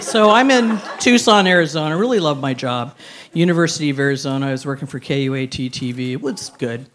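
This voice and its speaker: A woman's voice: sits low, fast. A woman in her sixties tells a personal story on stage before an audience, wry and self-mocking, laughing through her lines.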